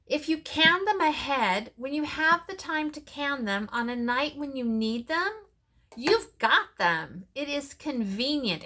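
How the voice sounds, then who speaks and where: A woman's voice: high voice, bright, forceful tone. A middle-aged woman hosting a casual cooking vlog, chatting along with sassy asides as she works. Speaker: cooking channel host.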